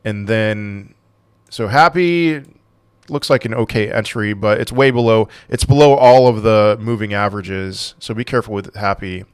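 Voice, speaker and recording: Smooth-voiced man hosting a crypto livestream. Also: fairly low pitch, normal speed, no echo. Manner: offhand, dry sarcasm. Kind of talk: casual livestream chat, reading viewer questions.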